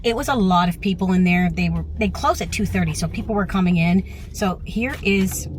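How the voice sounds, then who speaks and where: A woman's voice: lowish voice, fairly quick, noisy background. A woman chatting enthusiastically in a travel vlog, recorded on a handheld phone in a parked car. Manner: enthusiastic, gushing. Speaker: travel vlogger. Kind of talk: casual vlog chat. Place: parked car in a parking lot.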